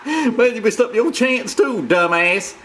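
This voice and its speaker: Man playing a hot-tempered crow puppet, high, snappish and taunting. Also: animated, measured pace, sharp tone, heavily acted. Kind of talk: comic puppet banter.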